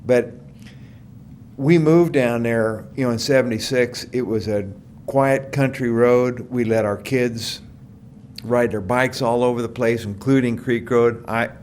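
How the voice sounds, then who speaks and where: A man's voice: medium pitch, fairly even intonation, measured pace, a little mellow, slight background noise. Older man giving public comment. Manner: plainspoken, rambling with fillers. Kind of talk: public comment at a council meeting.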